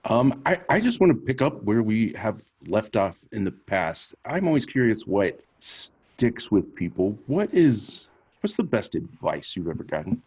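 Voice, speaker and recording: A man with a very deep voice hosting a podcast interview. He speaks in a relaxed, conversational way, with small hesitations as he sets up his questions. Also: unhurried, breathy edge. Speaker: podcast host.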